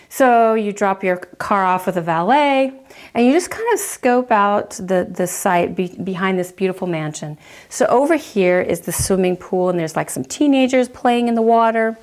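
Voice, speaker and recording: A woman counselor teaching a lesson, telling a story vividly and acting out the reactions in quick asides. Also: medium pitch, darkish tone.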